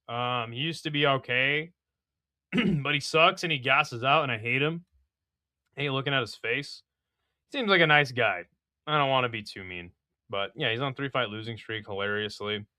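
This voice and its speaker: A man's voice: a little high, bright, forceful tone, smooth, dry recording, clean studio sound. A young man giving a casual, blunt and profane breakdown of a fight card, sounding exasperated and mocking. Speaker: MMA fight card previewer.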